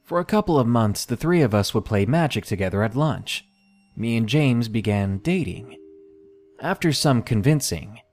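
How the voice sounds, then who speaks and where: A man reading submitted first-person scary stories aloud in a steady, measured scripted narration. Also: medium pitch. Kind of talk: scripted horror story narration.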